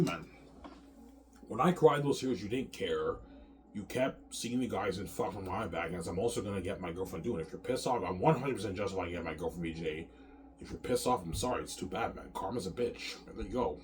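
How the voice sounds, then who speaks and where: A man's voice: low voice, expressive, a little fast, a little hiss or hum. A man in his thirties in a rambling personal vlog rant, angry and profane, repeating himself and restarting sentences. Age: 30s. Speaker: vlogger.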